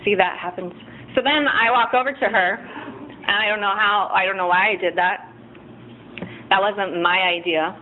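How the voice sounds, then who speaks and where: A woman speaking at a recovery meeting, telling her own story in a candid, self-mocking way, with halting restarts and fillers. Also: medium pitch, fairly even intonation. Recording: phone-like thin sound with faint room noise.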